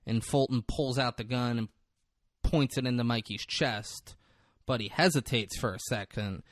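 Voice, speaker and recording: A man's voice: mid-range voice, normal speed, dry recording, studio quality. A man co-hosting a podcast, recapping a film in casual chat and acting out characters' lines. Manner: animated, swears, acts out movie lines in big voices. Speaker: podcast co-host.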